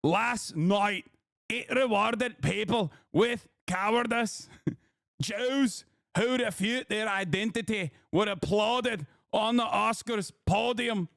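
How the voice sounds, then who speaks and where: A man putting on a Scottish woman's accent to mimic an indignant pundit, speaking slowly and solemnly. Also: mid-range voice, vocal fry, no echo, studio quality. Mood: mock-solemn.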